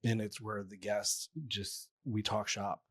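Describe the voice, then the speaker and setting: A man hosting an interview podcast, chatting casually while fighting a cold, relaxed and quick to joke. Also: fairly low pitch, slightly rough, no echo, clean studio sound. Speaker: podcast host.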